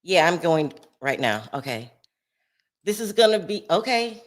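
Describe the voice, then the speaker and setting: An upset woman hosts a live stream from her home, talking slowly and unhurriedly. She rambles emotionally, jumping from loud outbursts down to sighing, quiet murmurs, and sounds shaky. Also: on the low side, very animated. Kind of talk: casual live-stream commentary.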